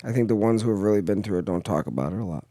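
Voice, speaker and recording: A young man, a former Marine, casually telling profane stories on a podcast in an animated way. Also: lowish voice, very fast, no echo. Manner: profane storytelling, animated in anecdotes. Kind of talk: casual chat.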